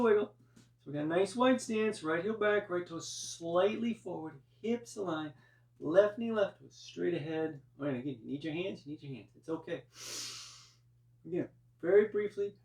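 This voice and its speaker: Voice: medium pitch, a little mellow, distant mic. A yoga teacher guiding a live class through breath and poses, with chatty asides. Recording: roomy, voice from off-mic.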